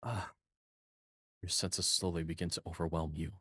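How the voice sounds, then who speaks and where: A man's voice: deep voice, level tone, normal speed, a bit bright, slightly rough, dry recording, clean studio sound. A man live-streaming a game, reading its second-person story text aloud and breaking off to swear and joke with his chat. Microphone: condenser mic on a boom arm. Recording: game music playing underneath. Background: game music.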